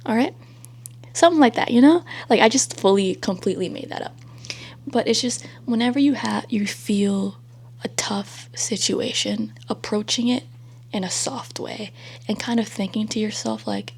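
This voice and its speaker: A young woman chats casually in a soft, breathy near-whisper that stays gentle and reassuring. Her voice sits a touch high, with a husky, gravelly texture. She rambles loosely and fills her sentences with easy fillers. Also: moderate pace. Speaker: vlogger. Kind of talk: casual self-help chat.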